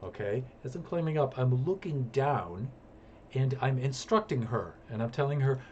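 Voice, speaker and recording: Brief: male streamer, mid pitch, casual rambling storyteller, faint hiss. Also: lively intonation, moderate pace, darkish tone, dull audio. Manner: rambling, repetitive, chuckling storyteller. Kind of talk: casual storytelling while gaming.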